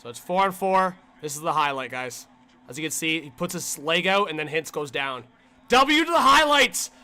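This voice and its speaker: A man hosting a livestream and calling the game play by play as a fan. He talks in a casual, slangy way to his chat and breaks into excited shouts on big plays. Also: on the high side, normal speed, smooth. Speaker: livestream host.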